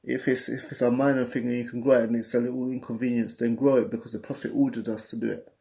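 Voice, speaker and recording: A man's voice: mid-range voice, little pitch movement, fast talker, creaky, mellow. A man with a London accent, hosting a casual livestream, talking in street slang and reading out viewer messages. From England. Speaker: livestream host.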